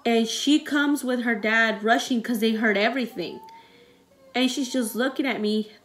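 A woman's voice: on the high side, moderate pace. Young woman telling an emotional story. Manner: rambling and emotional, many fillers. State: close to tears. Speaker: vlogger.

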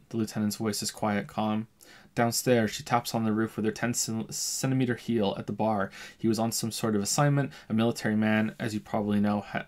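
A man streaming a video game, reading its dialogue and narration aloud with wry asides of his own. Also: on the low side. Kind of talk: casual game playthrough narration.

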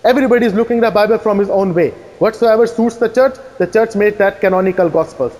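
A man giving a fast, insistent debate rebuttal, firing challenging questions at his opponent. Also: high-pitched, a little mellow. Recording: echoey hall reverb.

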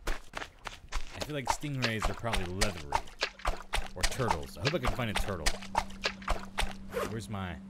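An excitable man narrates his own gameplay in a chatty, running monologue, his pitch leaping up and down as he reacts. Loud steady noise and clicking sit behind his voice. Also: a little slow, long pauses. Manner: chatty, excitable, talks to himself. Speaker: gaming video host. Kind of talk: let's play commentary.

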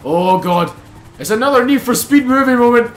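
Excitable high-voiced gamer. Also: male voice, normal speed. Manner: excitable, swears often, laughs a lot. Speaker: gaming channel host. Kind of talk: casual gameplay commentary.

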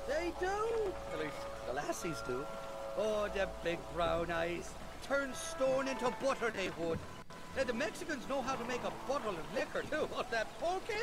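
An actor playing a charming, boozy middle-aged rogue in a video game, with a theatrical, flowery way of talking. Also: male voice, very high-pitched, sing-song, normal speed. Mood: boozy, jolly. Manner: hammy, theatrical, flowery talk. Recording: game audio under loud music.

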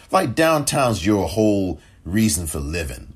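Deep-voiced, impassioned man. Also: sing-song, unhurried, hardly any pauses, husky. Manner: impassioned, indignant; mocking impersonations of others. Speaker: political podcast host. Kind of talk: solo political commentary.

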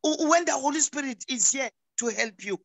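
A woman's voice: sits high, lively intonation, moderate pace, a bit bright. A middle-aged South African woman, a pastor speaking as a talk show guest over a video call, preaching emphatically and often repeating words as she restarts.

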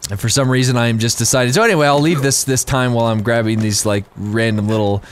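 A man talks over his gameplay in casual let's-play commentary, rambling and excitable and often laughing. His voice sits at an ordinary male pitch, with faint noise behind it. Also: fast. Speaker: gaming YouTuber.

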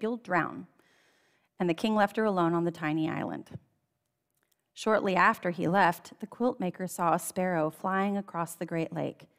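A woman's voice: on the low side, big-room sound. A woman reading a children's storybook aloud in a church, telling it expressively and lingering on key phrases. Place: church sanctuary.

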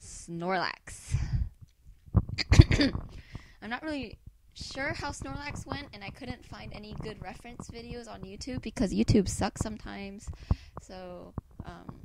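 A woman's voice: mid-range voice, unhurried, creaky. Hesitant self-mocking woman vlogger. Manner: self-deprecating, hesitant with many fillers. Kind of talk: casual solo vlog. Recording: hissy home recording.

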